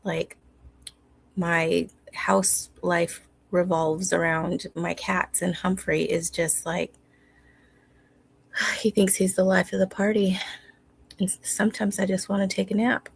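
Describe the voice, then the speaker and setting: A woman hosting a livestream from home, talking casually and replying to viewers in an unhurried way. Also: lowish voice, flat delivery, gravelly, husky. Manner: unhurried, reads viewer comments aloud and replies. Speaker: livestream host.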